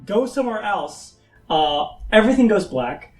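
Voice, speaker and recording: Man, game master, tabletop narration, slightly high pitch, casual, lots of fillers. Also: big pitch swings, moderate pace, soft background music, rough recording. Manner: casual, with many filler words.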